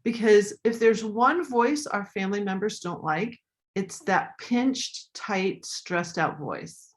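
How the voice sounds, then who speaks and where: Woman coaching people on their voice in a live online session, lively, acts out little voices as examples. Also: mid-range voice, slow pace. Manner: animated, acts out voices as she demonstrates. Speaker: voice and communication coach. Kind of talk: live online talk giving tips.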